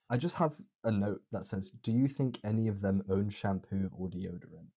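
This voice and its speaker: A man's voice: lowish voice, normal speed, creaky, dark tone, breathy edge. A young man hosting a podcast alone, rambling sardonically with lots of fillers. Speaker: podcast host. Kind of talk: casual solo monologue. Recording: dull lo-fi sound.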